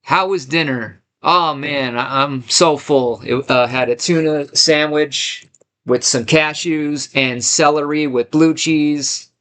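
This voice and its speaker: A man's voice: on the high side, fairly even intonation, takes it slowly, fairly bright tone. A man hosting a live stream from his home studio, hyped and greeting chat viewers one by one. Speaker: livestream host.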